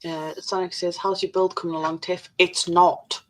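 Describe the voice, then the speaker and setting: A woman's voice: lowish voice, little pitch movement, brisk, poor audio. A woman co-hosting a live stream in casual chat, reading viewer comments aloud with dry, jokey swearing.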